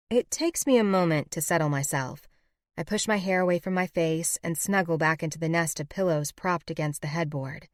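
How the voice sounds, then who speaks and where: A woman reads a first-person romance audiobook in a fairly low, intimate voice. The narration is close and dry, with no room sound at all. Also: moderate pace, dry recording.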